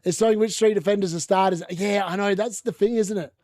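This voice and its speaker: A man's voice: high voice, fairly even intonation, fast talker, a little mellow, no echo, clean studio sound. A young adult man with an Australian accent, hosting a casual live football watchalong and reacting to the chat. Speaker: watchalong host.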